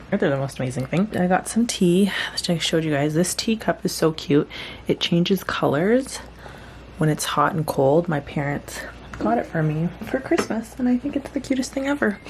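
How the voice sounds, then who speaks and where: A young woman chatting casually in a self-care vlog at home, rambling with lots of fillers, teary and dropping into soft whispers. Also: medium pitch, vocal fry, slight background noise. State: teary, emotional. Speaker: vlogger. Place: home, indoors at night.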